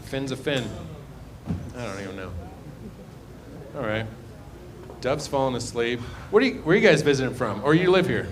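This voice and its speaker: A man doing live stand-up crowd work, rambling and self-deprecating, often trailing off. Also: a little high. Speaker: stand-up comedian. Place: live comedy show.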